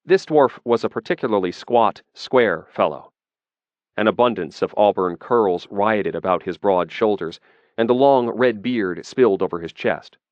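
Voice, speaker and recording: A man narrating a fantasy audiobook in a measured, steady reading. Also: lowish voice, no room sound, dull audio.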